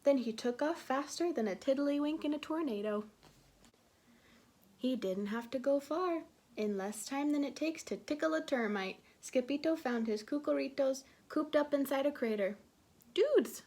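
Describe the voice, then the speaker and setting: High-voiced woman reading a story aloud. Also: normal speed. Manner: expressive, playful read-aloud. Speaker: children's story reader.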